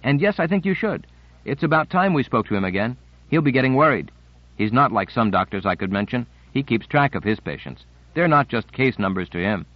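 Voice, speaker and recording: A soothing Caribbean woman , as a male narrator puts her on, speaks with a gentle lilt. The audiobook recording is dry and a little muffled. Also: mid-range voice, lively intonation, brisk, no room sound, natural voice. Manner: lilting, soothing.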